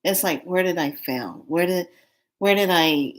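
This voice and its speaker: A middle-aged woman with a low-pitched voice talks straight to her viewers. She tells a personal story in a loose, casual way, repeating words and restarting her sentences as she goes. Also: a little slow. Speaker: spiritual vlogger.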